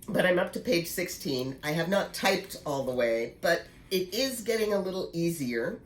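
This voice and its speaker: A woman in her sixties, slightly congested, chatting casually and laughing easily in a knitting vlog. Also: lowish voice. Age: 60s. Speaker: knitting vlogger. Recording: echoey room with faint noise.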